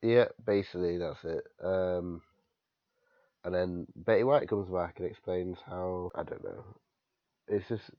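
Casting note: low male co-host, dull lo-fi dry sound, animated scene recaps. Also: unhurried, dry recording. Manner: retells scenes, acting out quotes. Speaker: podcast co-host. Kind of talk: casual episode review chat.

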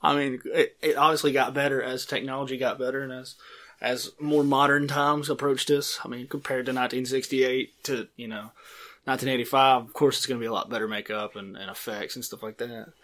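Male co-host, casual commentary, halting and stumbling speech, average pitch. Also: fairly even intonation, fairly bright tone. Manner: halting, stumbles and repeats words. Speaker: podcast co-host.

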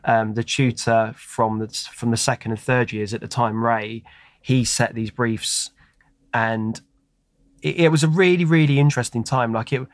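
A man's voice: medium pitch, fairly even intonation, moderate pace, no room sound. A man being interviewed, telling stories in a rambling, self-deprecating way with many fillers and restarts. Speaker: guest. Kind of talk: casual interview chat.

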